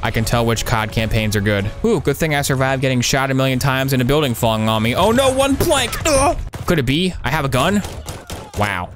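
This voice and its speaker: A man's voice: medium pitch, fast, over music. A man giving sarcastic gameplay commentary, with dry, mocking, jokey asides.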